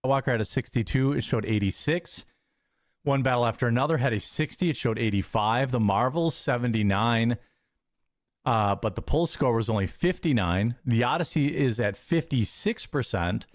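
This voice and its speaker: A man in a played clip who rapidly lists scores and percentages in a matter-of-fact way. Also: mid-range voice, dry recording, clean studio sound.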